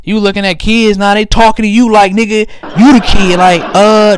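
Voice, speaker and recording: A man's voice: sits high, little pitch movement, moderate pace, a little hiss or hum. A young man telling crude, rambling comic stories about his family, swearing heavily, laughing often and repeatedly asking if you feel him. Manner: swears a lot, breaks into laughter. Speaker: comedian. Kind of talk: profane comedic storytelling monologue.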